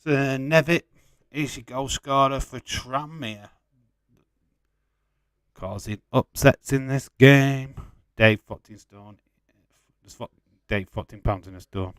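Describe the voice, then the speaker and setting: Guy hosting a footy watch-along stream, jokey and sweary, clean dry mic, mid pitch. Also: slow pace, pauses often, a bit bright, clean tone, no echo. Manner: chatty, teasing, swears freely. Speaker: watch-along host reading viewer chat. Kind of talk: casual live commentary and chat.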